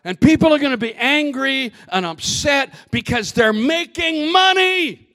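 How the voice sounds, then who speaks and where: A man preaching a sermon as pastor, swinging from shouted lines to hushed asides, often repeating and restarting his words. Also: extremely high pitch, lively intonation, unhurried.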